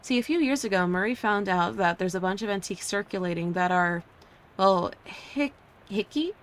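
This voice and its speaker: A woman reading out a friendly young antique shop clerk, chatty and slangy, easygoing everyday voice, mid pitch, game dialogue read aloud on a stream. Casual and warm-hearted in the way she explains things. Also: expressive, moderate pace, close to an everyday voice.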